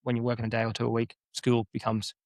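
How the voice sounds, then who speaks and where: An Australian man in his thirties, a builder, telling his story in an easygoing, relaxed interview chat. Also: medium pitch, fast, dry recording. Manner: laid-back, easygoing, with many fillers. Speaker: builder, podcast guest.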